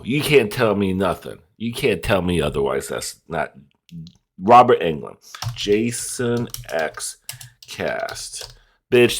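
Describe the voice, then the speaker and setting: A man from Florida with a Southern country accent, loudly reacting to a movie in casual commentary. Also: a little hiss or hum. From Florida, USA. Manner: loud, excitable, swearing, jumps to high squeals. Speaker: reaction video host.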